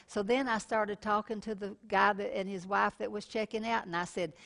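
A middle-aged woman preaching on television in a folksy, homey way. She calls her listeners honey and slows down to lean into scripture. Her pitch sits in an ordinary middle range. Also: steady tone, vocal fry. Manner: folksy and warm, calls listeners honey, tells personal stories. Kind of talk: sermon.

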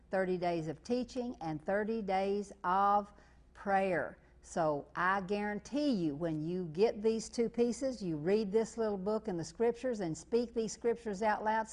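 A woman with an Eastern Kentucky accent preaching on television at a middle pitch. She builds from slow, drawn-out repetition to loud, fervent proclamations and appeals to call in.

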